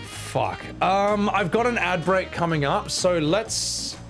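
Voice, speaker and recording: A man's voice: sits high, slow, gravelly, fairly bright tone. A man streaming a game, commenting with crude jokes and self-mocking asides over faint music.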